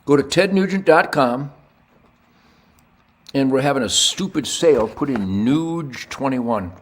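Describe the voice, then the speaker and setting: An older man hosting a podcast, ranting in a rambling monologue with crude jokes, swinging from low mutters to loud shouts. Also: expressive, a little slow. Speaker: podcast host.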